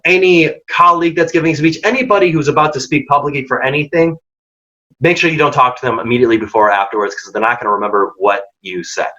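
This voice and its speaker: Captured in dull lo-fi audio, a man with a fairly high, pushed and bright voice presents a career workshop. He gives direct, emphatic advice and acts out quoted dialogue.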